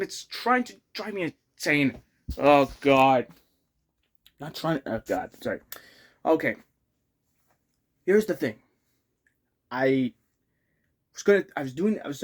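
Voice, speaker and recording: A young man giving an unscripted, rambling sports rant, exasperated and full of restarts and outbursts. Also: on the high side. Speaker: hockey fan ranting on his channel.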